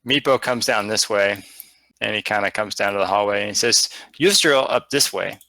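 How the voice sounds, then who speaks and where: A man's voice: lowish voice, steady tone, a little fast, sharp tone, dry recording. A man narrating as game master in a loose, rambling way, with frequent fillers.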